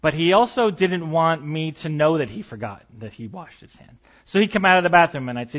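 Man, pastor, relaxed sermon, storytelling, slightly high voice, dull lo-fi recording. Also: fast. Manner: conversational and storytelling, with light humor.

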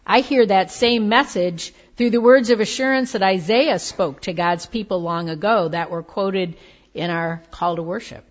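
A woman preaching a sermon, reading slowly with soft, tender emphasis. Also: medium pitch. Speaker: pastor. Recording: dull lo-fi sound.

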